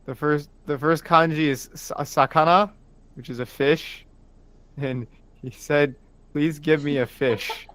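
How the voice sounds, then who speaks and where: A man's voice: fairly high pitch, steady tone, unhurried, fairly bright tone. A man on a live stream patiently explaining Japanese words and grammar in casual chat.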